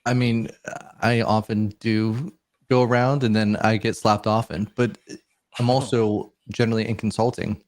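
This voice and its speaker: A man with a lowish voice co-hosting a casual podcast and dropping dry jokes. The sound is dry and close, with no room echo. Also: little pitch movement, moderate pace.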